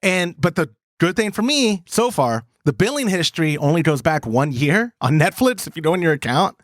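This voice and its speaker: A man's voice: a little high, normal speed, no echo, studio quality. A man hosting a podcast, telling stories in casual chat and quoting others as he goes. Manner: animated storytelling with quoted voices. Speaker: podcast host.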